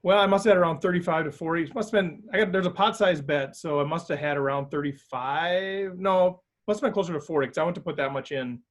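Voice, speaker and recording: Man on a video call, slightly higher voice, talks through a poker hand step by step. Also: fast, hardly any pauses. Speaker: poker group member. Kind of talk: casual chat on a video call.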